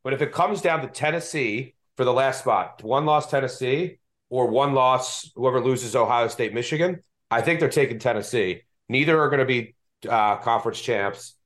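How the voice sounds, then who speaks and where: A man's voice: medium pitch, normal speed, a bit bright. A man with a Delco accent hosting a casual sports betting podcast, chatty and self-deprecating. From Delaware County, Pennsylvania. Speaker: podcast host.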